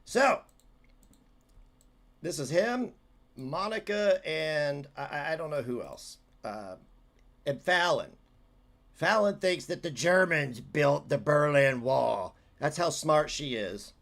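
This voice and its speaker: A man's voice: a little high, expressive, slow pace, a bit bright. A man hosting a livestream, giving heated, sarcastic, profane commentary as he reacts to clips.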